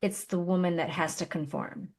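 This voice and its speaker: A woman hosting a podcast, asking her guest measured, probing questions. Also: on the low side, darkish tone. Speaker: podcast host. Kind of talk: podcast interview.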